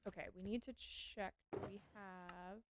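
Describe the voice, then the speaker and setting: A woman's voice: mid-range voice, fairly even intonation, unhurried, heavy background noise. Chatty woman streaming a game. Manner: chatty, answering chat as she plays. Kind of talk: casual live-stream chat while gaming.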